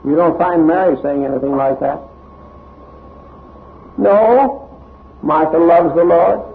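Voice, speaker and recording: Man preaching slow and expressive, pitch swinging all over, sounds like it's coming through a phone. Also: creaky. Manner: expressive, dramatic emphasis, unhurried delivery. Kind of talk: sermon with scripture reading. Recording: tinny narrow-band recording.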